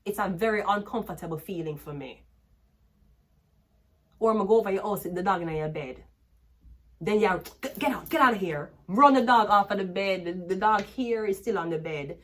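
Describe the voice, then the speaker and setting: A woman's voice: medium pitch, moderate pace. A woman with a Jamaican accent giving a casual tarot reading. She is blunt and profane, laughs often, and drifts into patois-heavy stories. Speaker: tarot reader.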